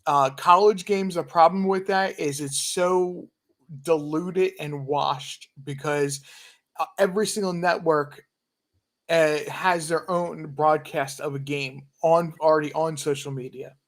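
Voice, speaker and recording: A man's voice: on the high side, fairly even intonation, a little slow. A man earnestly giving advice during a casual livestream chat, hesitating with many fillers.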